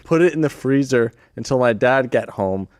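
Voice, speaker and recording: A man's voice: mid-range voice, lively intonation, normal speed, a little mellow, dry recording. A man on a podcast talking in a rambling, casual way, laughing at his own stories. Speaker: podcast regular. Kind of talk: casual chat.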